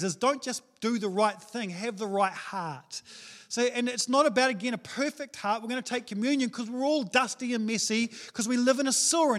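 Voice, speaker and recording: High-voiced New Zealand pastor, joking. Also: male voice, a bit bright. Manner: casual, joking, conversational. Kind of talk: sermon.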